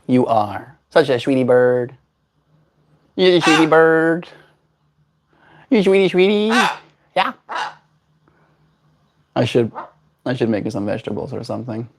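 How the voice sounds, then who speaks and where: A man chatting at home, slipping into sing-song baby talk as he fusses over his pet bird. His pitch leaps high and low with lively swings, and there is a faint hiss of background noise. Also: unhurried, pauses often. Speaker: streamer. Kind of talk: casual chat with a pet bird.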